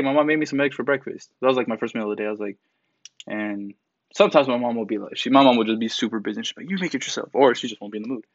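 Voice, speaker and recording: A young man rants in a loose, casual commentary style, blunt and profane, with lots of "like" and "um" and mocking impressions of others. His voice sits at a middle pitch. The mic sounds dry and a little dull, with no room around it. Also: no echo. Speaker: commentary vlogger. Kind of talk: casual rant.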